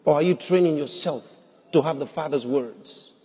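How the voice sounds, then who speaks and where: In a husky, dark-toned voice on the high side, at normal speed, a man preaches a sermon as pastor. He is emphatic, asking his congregation rhetorical questions, and the recording sounds dull with long hall reverb.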